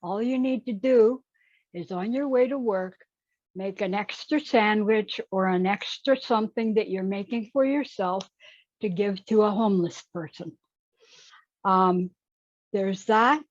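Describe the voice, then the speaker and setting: A woman's voice: medium pitch, measured pace, no echo, lo-fi sound. A woman speaking bluntly and outspokenly on a casual group call.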